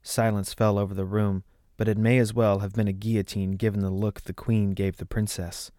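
A man reads a fantasy story aloud in a measured, steady voice. His pitch sits low and the recording is dry and close, with no room sound. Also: no echo. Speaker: narrator. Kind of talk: audiobook narration.

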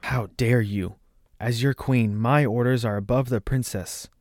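A man's voice: mid-range voice, steady tone, measured pace, darkish tone, no room sound, studio quality, lightly acted. A man reading the part of a proud, domineering queen who speaks in a cold, commanding way.

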